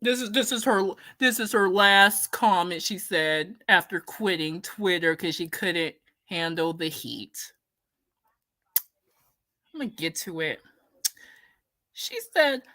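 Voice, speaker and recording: A woman's voice: fairly low pitch, expressive, takes it slowly, pauses often, sharp tone, no room sound. A woman hosting casual opinion commentary, blunt and indignant, swearing freely and reading viewer comments aloud. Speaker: commentary host.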